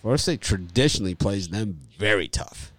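A man with a fairly low voice hosts a loose sports betting chat. He rambles and repeats himself with easy enthusiasm. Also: expressive, a little fast, a bit bright. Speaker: sports betting show host. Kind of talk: casual sports chat and storytelling.

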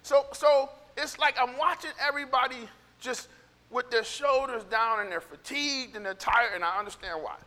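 A man's voice: extremely high pitch, normal speed, sharp tone. A male pastor preaching casually, telling a rambling story with many restarts that builds into fervent, repeated encouragement. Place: church sanctuary. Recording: long hall reverb.

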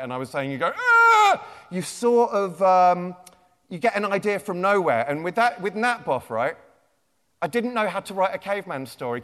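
A man who writes children's books gives a playful, chatty comic talk to a young audience in a large lecture theatre. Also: high voice. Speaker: children's author. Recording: reverberant lecture hall.

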